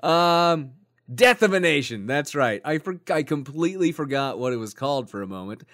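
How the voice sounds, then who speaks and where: A man's voice: a little high, animated, normal speed, a bit bright. A man co-hosting a podcast in a casual, joking chat, thinking aloud with fillers as he goes. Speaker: podcast co-host.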